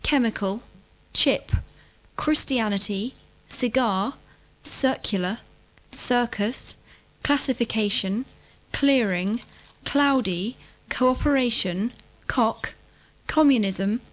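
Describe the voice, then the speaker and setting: Female word-list reader with a fairly high voice, slow and clear. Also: low-quality recording. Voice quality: clear, careful enunciation. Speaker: vocabulary reader.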